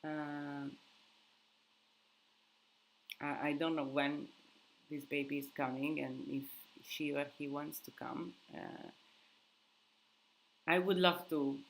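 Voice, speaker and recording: A woman's voice: sits low, steady tone, slow, a little hiss or hum, poor audio. A sleep-deprived young woman hosts a casual live Q&A. She answers viewer questions, thinking aloud and hunting for words.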